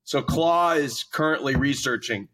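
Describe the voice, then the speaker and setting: A man's voice: mid-range voice, unhurried, a bit bright. A man chatting on a podcast, rambling and hesitant with many restarts. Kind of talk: casual podcast chat.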